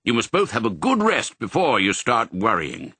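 Casting: a man putting on a hearty old sheepdog colonel for a storybook, bright and forceful, bouncing all over his range, slightly husky. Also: medium pitch, wildly swooping pitch, no room sound, full character voice. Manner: brisk, bluff, fatherly. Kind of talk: audiobook character voice.

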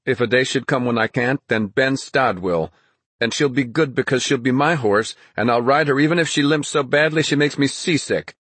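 A man's voice: mid-range voice, moderate pace, fairly bright tone, breathy edge, dry recording, voice pushed up. Man doing an earnest young boy prince.

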